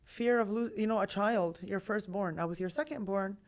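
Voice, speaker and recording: A woman therapist in her thirties talks on a podcast with a middle-pitched voice. She is animated and piles up rhetorical questions. Her delivery stays conversational and engaged. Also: moderate pace. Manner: animated, acts out quoted voices, asks many rhetorical questions. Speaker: trauma therapist, guest.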